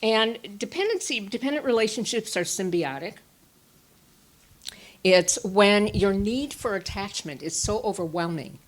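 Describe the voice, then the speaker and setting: A woman therapist giving a conference talk, telling personal stories with animated swings from quiet asides to emphatic bursts. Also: mid-range voice. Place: stage at a conference.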